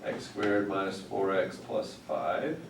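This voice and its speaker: A man's voice: deep voice, slow. A male math teacher working through algebra with students, explaining steps with dry, wry humor. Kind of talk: classroom tutoring. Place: classroom. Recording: roomy, distant mic, some noise.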